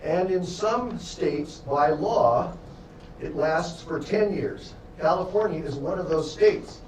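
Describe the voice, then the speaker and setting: Here the defense attorney lecturing his class sounds on the high side, slow and somewhat dark. He still tells emphatic stories straight to the students, recorded from afar in an echoey room with a faint hum underneath.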